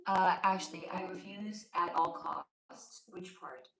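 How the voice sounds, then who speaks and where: A woman's voice: lowish voice, slow pace, gravelly, fairly bright tone, roomy sound, poor audio. A woman hosting a casual livestream at home, chatting affectionately with viewers and reading their comments while losing her voice. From lives in Los Angeles. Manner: chatty, affectionate, reads chat aloud. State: losing her voice, sore throat. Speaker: livestream host, spiritual reader. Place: home room.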